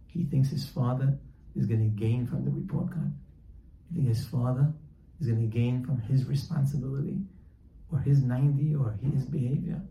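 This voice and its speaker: A man's voice: mid-range voice, mellow, echoey room, a little hiss or hum, rough recording. A man teaching a sermon through a parable, telling it dramatically and acting out its dialogue. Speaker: religious teacher. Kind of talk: sermon with storytelling.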